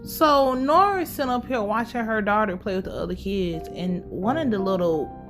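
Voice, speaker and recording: A woman's voice: mid-range voice, lively intonation, moderate pace, over music. Blunt, profane woman recapping a show. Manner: blunt, profane, opinionated commentary. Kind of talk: casual episode recap.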